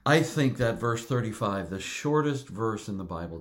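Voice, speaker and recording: A middle-aged male pastor preaching a sermon, earnest and deliberate, repeating words for emphasis. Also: lowish voice, lively intonation.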